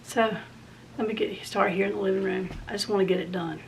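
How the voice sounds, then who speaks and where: Chatty woman with gravelly voice. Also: medium pitch, steady tone, a little fast, muffled recording, slight background noise. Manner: chatty, rambling, talks to viewers directly. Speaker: vlogger. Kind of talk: casual home vlog chat. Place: home, indoors.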